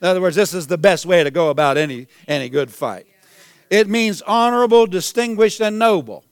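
A man preaching a sermon as pastor, emphatic and repetitive, building to shouted declarations. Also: sits high, animated, a little fast, clear, resonant tone, no room sound, studio quality. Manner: emphatic preaching, repeats phrases, rises to shouts.

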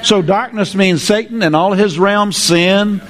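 Man preaching a sermon, fairly high voice, lively and repetitive, calls out to the congregation. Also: measured pace. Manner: lively preaching with call-and-response, repeats phrases.

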